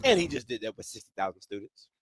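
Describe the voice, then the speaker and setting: A man's voice: lowish voice, very animated, quick pace, background noise. A man hosting a live reaction stream, talking in a blunt, slangy, joking way with lots of energy. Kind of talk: casual live reaction commentary.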